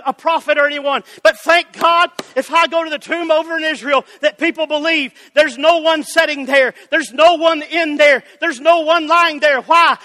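A man preaching a fiery Baptist sermon, shouting and calling out to congregants by name. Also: very high-pitched. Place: church sanctuary. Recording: church hall with long reverb.

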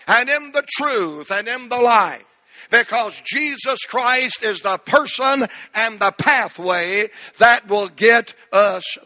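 A man's voice: high-pitched, pushed and bright. A middle-aged man preaching a sermon as pastor, emphatic and repetitive, with rhetorical questions and folksy asides.

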